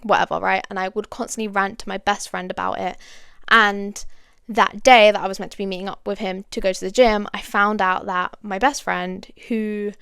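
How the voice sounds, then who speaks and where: A young woman tells a personal story on her podcast, confiding and chatty, full of fillers and asides to her listeners. Her voice is smooth yet gravelly with vocal fry. She is recorded dry and close on the mic. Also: medium pitch, steady tone, moderate pace, a bit bright, dry recording. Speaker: podcast host.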